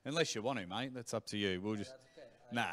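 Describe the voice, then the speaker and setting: A man's voice: fairly low pitch, fairly quick. A man hosting a press conference, announcing fighters and hyping the matchups. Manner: hype-building, announcing fighters. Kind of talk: emcee patter at a press conference.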